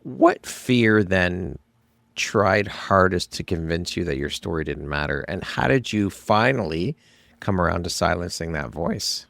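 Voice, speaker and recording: A man hosting a podcast interview, asking slow reflective questions and reacting with blunt surprise. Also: low voice, lively intonation, vocal fry, a bit bright, dry recording. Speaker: podcast host.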